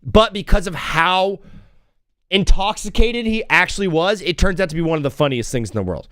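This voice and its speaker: Male sports show host, high and lively voice, excitable rambling delivery, dry close sound. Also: moderate pace, no echo. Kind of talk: casual live sports talk.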